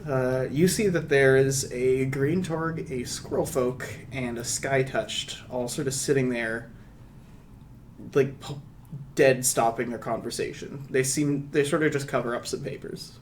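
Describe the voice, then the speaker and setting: A man's voice: medium pitch, measured pace, slight background noise. Laid-back man narrating as game master. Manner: relaxed, rambling, casual asides.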